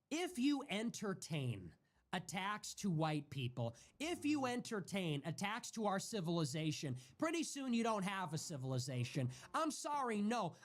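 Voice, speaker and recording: High-pitched man in a profane, furious rant. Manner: repeats himself for emphasis. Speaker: livestream host. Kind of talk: heated solo livestream rant.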